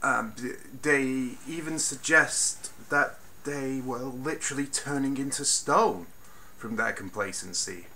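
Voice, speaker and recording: A man giving a casual spoken film review, animated and ranting, swinging from mutters to loud bursts and swearing freely. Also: mid-range voice, measured pace, a little hiss or hum. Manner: swears freely, exasperated rants.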